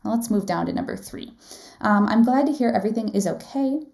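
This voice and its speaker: Gravelly-voiced woman teaching a live class. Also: medium pitch, a little fast, darkish tone. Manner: conversational, asks the audience questions, frequent "um" and "right?". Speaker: nursing exam instructor.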